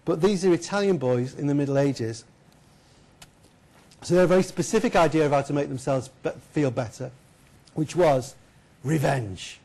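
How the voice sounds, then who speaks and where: A man giving a keynote lecture, telling a story in a lively, chatty way and putting questions to the audience. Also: on the high side, fairly quick. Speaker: keynote speaker. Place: lecture hall.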